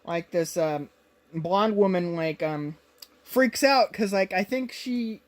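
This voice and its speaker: A woman's voice: on the low side, takes it slowly. A woman co-hosting a podcast, recapping a movie in casual chat and rambling along with lots of fillers and restarts. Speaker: podcast co-host.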